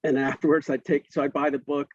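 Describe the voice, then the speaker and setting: A man's voice: a little high, little pitch movement, fast talker, no room sound, lo-fi sound. A man in his fifties, a guest in an interview, telling a casual story with frequent restarts and laughs. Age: 50s.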